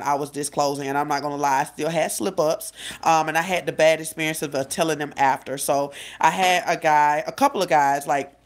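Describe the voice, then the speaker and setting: Chatty young woman confiding to viewers. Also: sits low. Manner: chatty, addresses viewers directly, self-correcting. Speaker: life coach vlogger. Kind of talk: casual confessional storytelling.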